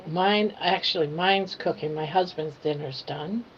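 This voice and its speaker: A woman's voice: low voice, unhurried. An older woman hosting a casual home livestream, chatting to viewers and cooing to her pet in between. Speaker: livestream host. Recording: dull lo-fi home stream audio with faint hiss.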